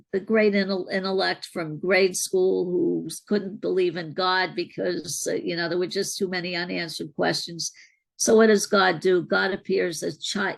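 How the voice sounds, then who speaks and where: Woman, middle-aged, very gravelly voice, reflective storyteller, interview guest. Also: medium pitch. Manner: earnest, reflective, unhurried storyteller. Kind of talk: personal spiritual storytelling.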